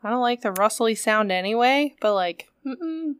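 A woman's voice: fairly high pitch, animated, measured pace, smooth, no room sound. A young woman co-hosting a casual podcast, reacting expressively and telling stories with swearing and laughter. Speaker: podcast co-host. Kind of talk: casual chat.

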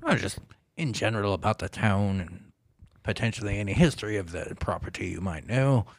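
A man voicing a formal, polite male gentleman speculator in a tabletop game. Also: lowish voice, expressive, fairly quick, no echo, studio quality. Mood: courteous. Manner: formal, courteous, old-fashioned phrasing.

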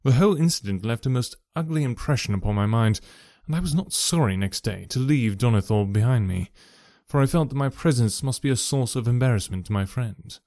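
A man reading a story aloud in a measured, even narration. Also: fairly low pitch, no room sound, studio quality. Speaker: audiobook narrator.

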